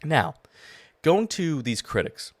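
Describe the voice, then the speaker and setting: A man's voice: fairly high pitch, sing-song, slow pace, no echo. A young adult man hosting his own podcast, giving an enthusiastic, rambling movie review full of fillers and restarts. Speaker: podcast host. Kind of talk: casual solo podcast review.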